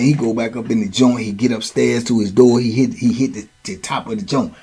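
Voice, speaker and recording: A man's voice: mid-range voice, normal speed, hardly any pauses, mellow, breathy edge. A man hosting and telling prison stories in a casual, streetwise way, full of slang and check-ins with the listener. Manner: streetwise slang, frequent "you know what I'm saying". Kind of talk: casual storytelling monologue.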